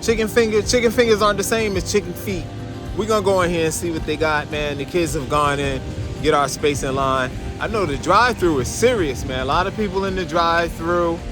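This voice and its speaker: A middle-aged man from New Jersey hosting a casual vlog on a handheld phone, lively and chatty, calling his viewers y'all. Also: on the high side, brisk. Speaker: vlogger host. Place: restaurant and parked car. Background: music playing.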